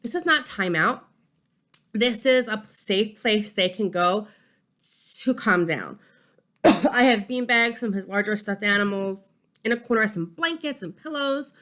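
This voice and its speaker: A woman's voice: medium pitch, animated, measured pace. A woman in her thirties, a family support educator, giving a conversational lesson to parents and checking in often with "okay?" and "right?". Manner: warm conversational teaching, frequent "okay?" and "right?" check-ins. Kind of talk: instructional talk to parents.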